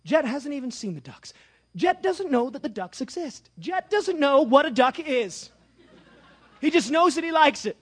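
Husky high-pitched guy preaching, really animated, goes from quiet to shouting, bouncy pitch. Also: normal speed. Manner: animated, swings from hushed to shouting. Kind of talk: sermon with personal story.

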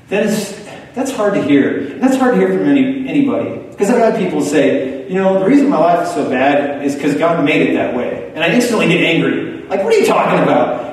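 A man preaching a sermon in a conversational way, turning lively when he quotes other people. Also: on the high side. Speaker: pastor. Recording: echoey hall, far from the mic.

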